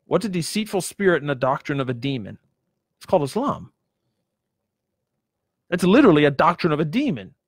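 A man's voice: fairly high pitch, sing-song, fairly quick, long pauses, husky, no room sound. A man preaching a sermon, emphatic, with many rhetorical questions and repeated words.

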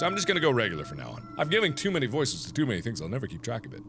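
A man giving animated, joking let's play commentary, thinking aloud as he plays. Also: lowish voice, rapid-fire, creaky, faint music behind. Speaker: gaming video host.

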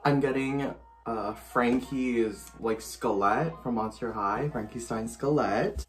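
A man's voice: mid-range voice, a little slow, faint music behind. A young man in his twenties chatting casually for his vlog, bubbly and gushing, with lots of filler words. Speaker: YouTuber.

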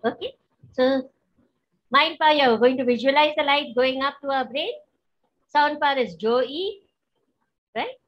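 High-voiced woman, slow guided practice. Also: a little hiss or hum. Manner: gentle, instructive, asks for confirmation. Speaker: spiritual teacher. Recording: dull, lo-fi.

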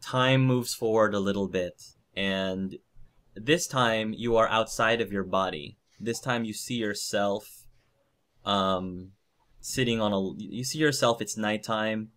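Slow, hesitant male game master. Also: lowish voice, fairly bright tone. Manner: hesitant, with many fillers. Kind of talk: narrating a tabletop game.

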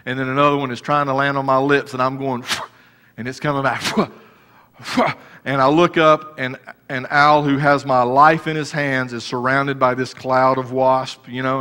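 A man preaching a sermon as pastor, moving between raised exhortation and quiet personal storytelling. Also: mid-range voice, clear, resonant tone. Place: church sanctuary. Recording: church hall reverb.

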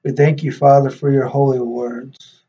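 A man, a minister and host, leading prayer and reading scripture in a halting way, repeating words with many fillers. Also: medium pitch, little pitch movement, breathy edge. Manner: reads scripture slower and louder. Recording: dull lo-fi recording.

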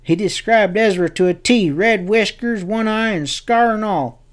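A man voicing an excitable frontier townsman who spills urgent news in a folksy drawl, for an audiobook western. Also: high-pitched, unhurried, pitched above the performer's own voice. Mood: alarmed.

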